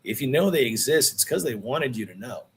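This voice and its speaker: A middle-aged man talking as a podcast guest, spinning a long story in a loose, animated way at an ordinary pitch. He drops in a "dude" here and there and keeps it conversational rather than polished. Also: fairly quick, breathy edge. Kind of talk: casual storytelling.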